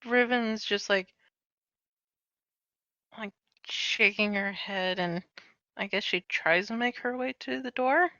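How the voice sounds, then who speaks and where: Casual woman player, tense bright tone, dry close sound. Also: medium pitch, slow pace, pauses often, dry recording, muffled recording. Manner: casual, uses like a lot. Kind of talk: casual tabletop play.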